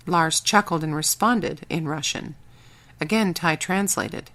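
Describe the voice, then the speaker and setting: A woman narrates a first-person audiobook with a wry, brisk inner voice. Her tone sits a touch low, and she moves steadily through the scene. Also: a bit bright.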